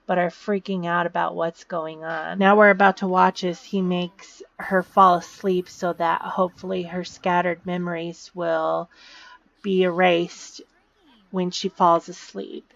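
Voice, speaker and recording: A woman's voice: fairly low pitch, little pitch movement, measured pace, vocal fry, dry recording. A woman casually narrating a game story, explaining events with fillers and repeated words, on a dull lo-fi recording. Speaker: video narrator.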